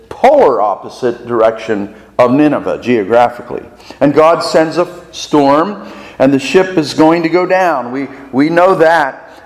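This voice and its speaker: Slow, animated male pastor in echoey church. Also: on the high side. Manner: deliberate, uses rhetorical questions and repetition. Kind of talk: sermon. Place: church sanctuary. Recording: reverberant church hall.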